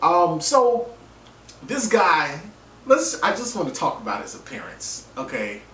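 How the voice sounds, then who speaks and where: Speaking a little high and at a measured pace, a man reviews a TV episode on his vlog, casually cracking jokes, cursing, and acting out quotes with lots of energy. A distant mic in a roomy space catches faint ambience and a slight hiss or hum.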